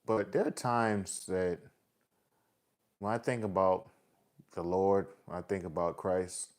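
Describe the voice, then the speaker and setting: A man's voice: low-pitched, fairly even intonation, slow pace. A man talking earnestly to his followers about his faith, casual and repetitive, with heavy sighs. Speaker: vlogger sharing faith testimony. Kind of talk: heartfelt personal talk to followers.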